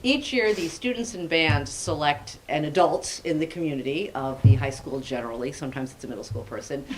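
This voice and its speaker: A woman's voice: low-pitched, fairly quick. A woman giving chatty, upbeat school announcements at a committee meeting, with a joking manner. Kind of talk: meeting report. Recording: noisy meeting recording.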